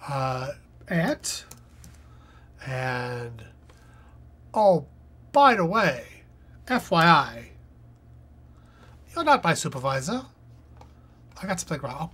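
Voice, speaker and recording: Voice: mid-range voice, sing-song, takes it slowly, pauses often, a bit bright, breathy edge. A live-stream host chatting casually and reading puzzle clues aloud as they think, with lots of fillers. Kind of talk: casual live-stream commentary while solving a crossword.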